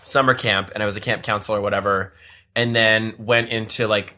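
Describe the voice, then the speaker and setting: A man's voice: fairly low pitch, steady tone, brisk, bright, forceful tone. A young man in his twenties co-hosting a comedy podcast, telling rambling stories full of fillers in casual chat. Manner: rambling, filler-heavy storytelling. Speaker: podcast co-host.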